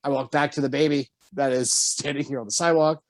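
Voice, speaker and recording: A man telling a story on a casual podcast, animated and swearing often, jumping high when quoting himself. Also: fast talker, no room sound. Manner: animated, swears often, jumps to high pitch for quoted lines. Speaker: podcast co-host.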